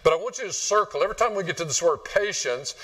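A man's voice: sits high, lively intonation, quick pace, pushed and bright, distant mic. A man preaching a sermon to his congregation in a conversational, joking way. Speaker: pastor. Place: church sanctuary.

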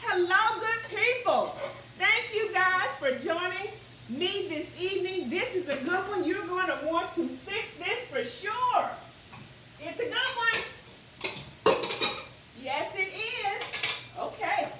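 A woman hosting a home cooking show, her voice very high and lively as it swoops up and down. She chats warmly with viewers and urges them on. She sounds a little distant in an echoey kitchen, with faint pots and pans clinking behind her. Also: slow, a little hiss or hum. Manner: chatty and encouraging, greeting viewers by name. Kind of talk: live-streamed cooking show.

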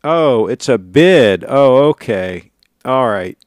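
A middle-aged man chats casually on a livestream, reading viewer comments and answering them as they come. His talk rambles and doubles back on itself, at a mid-range pitch, with a dry, close sound and no room echo. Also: expressive, slow, darkish tone. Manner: rambling, chatty, self-correcting.

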